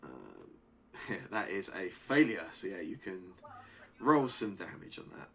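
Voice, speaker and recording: Lively low-voiced male game master. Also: measured pace, slight background noise. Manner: relaxed, laughs often, many ums. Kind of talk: narrating a tabletop game over voice chat.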